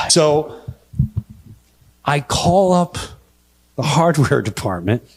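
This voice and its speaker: A middle-aged man telling a story in live stand-up, animated and laughing at his own tale. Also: on the high side, drawn-out words. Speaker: stand-up comedian.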